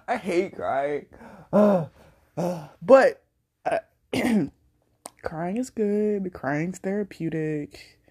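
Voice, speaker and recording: A woman's voice: mid-range voice, expressive, slow pace, long pauses, darkish tone, breathy edge. A young adult woman hosting her own podcast, talking in a candid, rambling way with plenty of swearing. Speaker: podcast host. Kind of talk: casual solo podcast monologue.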